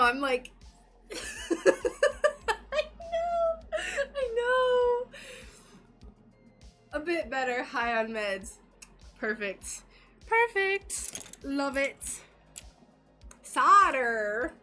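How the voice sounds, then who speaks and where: Woman, American accent, high voice, slow unhurried talk, giggly casual streamer chat, soft music behind. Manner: giggly, greets chat viewers. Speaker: stained glass livestreamer.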